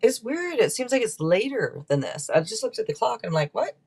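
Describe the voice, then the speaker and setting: A woman's voice: on the high side, big pitch swings, fairly quick, creaky, a little mellow, husky. Chatty woman reading tarot live. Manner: chatty and rambling, with many restarts. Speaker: tarot reader hosting a live stream.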